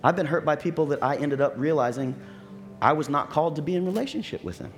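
A man preaching a sermon as pastor, telling stories and acting out what people said, with lively asides. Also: fairly high pitch, fast, faint music behind. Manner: storytelling with acted-out quotes and lively asides.

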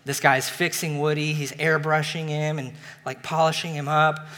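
A pastor giving a sermon, retelling a film plot in a relaxed, conversational way. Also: male voice, a little high, moderate pace. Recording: long reverb of a large hall.

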